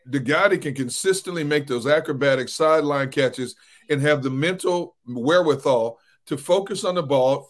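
A man co-hosting a sports talk show, debating players emphatically with frequent "you know" fillers. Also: fairly high pitch. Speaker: sports radio co-host.

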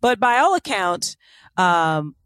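A woman's voice: mid-range voice, big pitch swings, slow pace, fairly bright tone, clean tone, no room sound, studio quality. A woman co-hosting a podcast, telling a life story in casual, irreverent chat. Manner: chatty and irreverent, apologetic about pronunciation. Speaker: podcast co-host.

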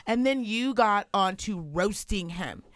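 A young adult woman co-hosting a podcast in casual chat, an animated storyteller who swears freely. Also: medium pitch, unhurried, no room sound, clean studio sound. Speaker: podcast co-host.

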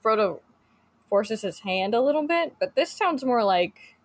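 A woman's voice: fairly high pitch, big pitch swings, a little slow. A woman co-hosting a podcast in casual chat, talking with many fillers and restarts and reading book passages aloud. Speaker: podcast co-host.

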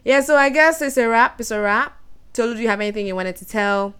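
A young adult woman, co-hosting a podcast in animated, emphatic casual chat. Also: on the high side, fast, smooth. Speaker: podcast co-host.

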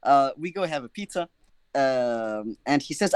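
A young man telling a funny personal story in a casual, animated, self-mocking way, often checking in with his listener. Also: medium pitch, measured pace, clear, resonant tone, no room sound. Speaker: guest storyteller.

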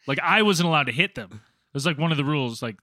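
A man with a high, bright voice tells a story to his friends in a lively, profane way. He shouts out the quoted lines. The sound is dry and close to the mic. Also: fast, no room sound. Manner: animated, acts out quotes, swears a lot. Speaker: storyteller, former teacher abroad. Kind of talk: casual storytelling among friends.

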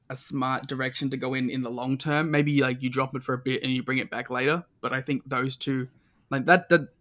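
Co-host, male, mid-pitched, enthusiastic, rambling casual delivery. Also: fairly bright tone. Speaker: podcast co-host. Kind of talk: casual chat.

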